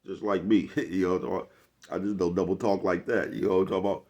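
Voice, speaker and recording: A man with a deep, low-set voice talks straight to camera in a loose, rambling rant. He is blunt and heavy on profane slang, circling back again and again to ask if you follow him. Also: fairly even intonation, fast, a little mellow. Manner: rambling, keeps asking "you know what I'm talking about". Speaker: vlogger. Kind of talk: casual monologue rant.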